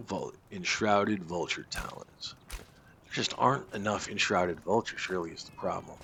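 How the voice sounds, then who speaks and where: A man's voice: low-pitched, measured pace, vocal fry, a bit bright, slightly rough. A man hosting a casual game playthrough, thinking aloud with fillers and muttered asides. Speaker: gaming channel host. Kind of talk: casual let's-play commentary.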